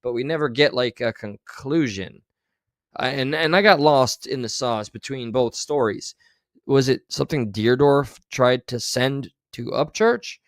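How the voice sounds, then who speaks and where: Speaking a little slowly in a medium pitch with no echo, a male streamer reacts to clips on his livestream. His commentary is blunt and sarcastic and full of swearing.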